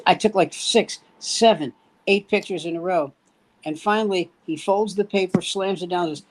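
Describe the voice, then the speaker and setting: An older man, a veteran comedian, telling animated anecdotes in a casual chat with punchy joke delivery. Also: sits high, moderate pace, rough recording.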